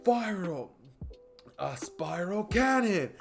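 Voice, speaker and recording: A man's voice: high-pitched, big pitch swings, very slow, vocal fry, soft background music, voice pushed up, heavily acted. A young man voicing a brash, explosive young hero in a fan story. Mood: shouting.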